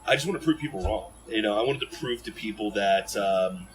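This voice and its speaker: Man, from Ohio, podcast guest, low voice, animated rambling storytelling, faint background noise. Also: fairly quick, rough recording. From Ohio, USA. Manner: animated, rambling, lots of fillers and restarts. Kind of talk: casual storytelling in an interview.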